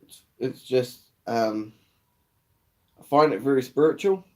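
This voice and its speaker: A man's voice: medium pitch, lively intonation, a little slow, pauses often, mellow. A young man with a New Zealand accent hosting a casual live chat, slangy and swearing freely, calling viewers mate and bro. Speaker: livestream host.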